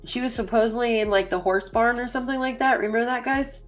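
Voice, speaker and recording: A woman's voice: on the high side, fast, faint music behind. A middle-aged woman hosting a true crime channel, rambling and emotional with lots of fillers as she reads through case documents. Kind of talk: casual chat reading case documents.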